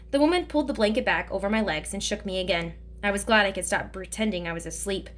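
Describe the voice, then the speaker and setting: Woman reader, plain steady read-aloud narration of a novel. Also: mid-range voice, quick pace, hardly any pauses, faint music behind.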